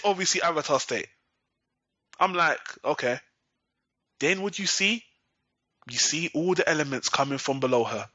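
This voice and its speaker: A man's voice: on the high side, pushed and bright, dry recording. Sarcastic man ranting on a podcast. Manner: sarcastic, profane, exasperated. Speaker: podcast host. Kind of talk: casual recap and rant. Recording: dull lo-fi recording, dry.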